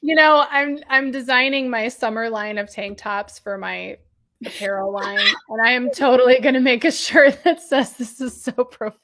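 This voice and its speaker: Woman co-host, fairly high voice with a gravelly fry, lively and quick to laugh. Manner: animated, laughs often. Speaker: podcast co-host. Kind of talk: casual chat.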